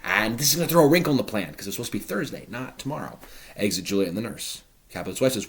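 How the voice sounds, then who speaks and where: Man teaching a play, lively voice. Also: lowish voice, fast talker. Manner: conversational paraphrasing with fillers. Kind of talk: explanatory literature lesson.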